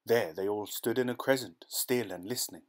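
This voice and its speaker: A man narrating a classic short story as an audiobook, reading in a steady, measured way. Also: lowish voice. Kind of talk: scripted narration.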